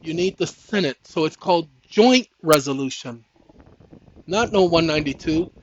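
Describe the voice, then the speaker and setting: A man hosting his own channel, lecturing viewers in a preachy, insistent way that turns loud and heated. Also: a little high, expressive, normal speed, muffled recording. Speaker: host. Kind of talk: impassioned legal lecture to viewers.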